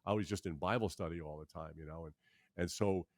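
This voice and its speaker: A man in his sixties, a guest in a candid storytelling conversation, has a low, slightly mellow voice recorded with clean studio sound and no echo. He tells stories animatedly but haltingly, with many restarts, putting on voices for the people he quotes.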